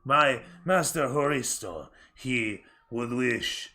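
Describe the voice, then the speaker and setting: A man playing a slow, courtly crime boss's aide. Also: mid-range voice, lively intonation, sharp tone. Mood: formal. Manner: measured, drawn-out, courtly phrasing. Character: slow, formal male aide to a crime boss.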